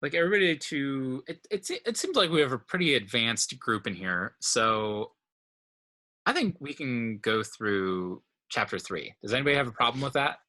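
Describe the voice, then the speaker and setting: A man's voice: medium pitch, animated, moderate pace, pushed and bright. A man teaching a language class, explaining step by step and often checking in with his students. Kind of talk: informal online class lesson.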